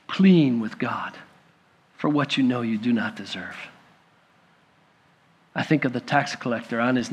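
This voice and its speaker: A male pastor preaching a sermon to a congregation, rising to emphatic peaks and dropping to hushed pleading. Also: mid-range voice, breathy edge.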